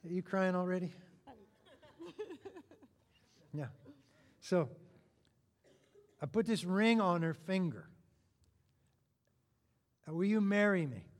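A man preaching a sermon, lively and animated, with joking asides to his congregation. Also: high-pitched, a little slow, pauses often. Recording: long hall reverb.

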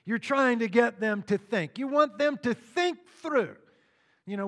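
A high-pitched male pastor preaches a sermon, working through scripture verse by verse with an unhurried pace, lively intonation, and a fairly bright tone. He drifts into casual asides to the congregation, and the long reverb of a large hall rings around him.

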